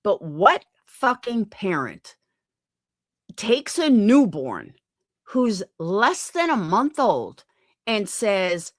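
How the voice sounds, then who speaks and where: A woman's voice: mid-range voice, very animated, extremely slow, dry recording, studio quality. A woman streamer ranting angrily on a live stream, swearing often and firing rhetorical questions. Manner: angry, profane, rhetorical questions.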